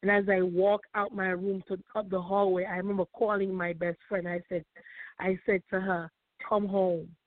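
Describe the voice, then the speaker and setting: A woman sharing a painful personal testimony as a guest, halting and repeating her phrases. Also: medium pitch, little pitch movement, dry recording. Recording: tinny phone line, faint music.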